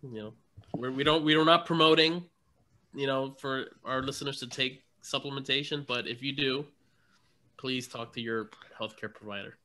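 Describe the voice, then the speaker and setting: A man's voice: medium pitch, normal speed, bright, forceful tone. A man co-hosting a podcast, joking and bantering in casual chat. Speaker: podcast co-host.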